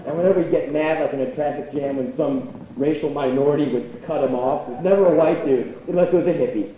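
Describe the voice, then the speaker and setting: A young man tells a story on stage with a profane, deadpan, sardonic manner and a slightly high voice. The sound is thin and tinny, like an old bootleg tape. It is drenched in the echo of a large hall. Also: fast talker, distant mic, a little hiss or hum. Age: 20s. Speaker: spoken-word performer. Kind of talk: live spoken-word storytelling.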